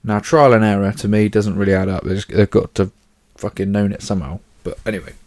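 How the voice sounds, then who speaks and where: A man hosts a casual solo podcast, chatty and rambling, swearing offhandedly while fighting off yawns. His voice is fairly low, level in tone, fast, and a bit dark.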